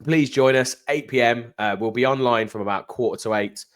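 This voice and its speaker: A man's voice: medium pitch, a little fast. An English man co-hosting a football fan channel, upbeat and jokey in casual chat.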